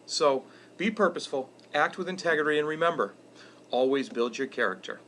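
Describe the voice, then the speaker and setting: A middle-aged educator with a slightly raised, a bit bright voice gives his weekly video message to the camera, earnest and reflective. He's animated yet conversational and unhurried, retelling stories with quoted dialogue, while a faint hiss runs beneath.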